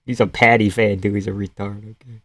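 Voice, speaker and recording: A man's voice: on the low side, little pitch movement, a little fast, no room sound. A young man hosting a casual live stream, laughing often and swearing easily as he reacts to the chat.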